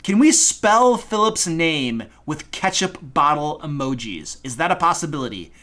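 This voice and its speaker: A man from Michigan with a Michigan accent, hosting a casual live stream as a dungeon master, excitable, goofy and self-deprecating. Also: on the high side, moderate pace. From Michigan, USA. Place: home room.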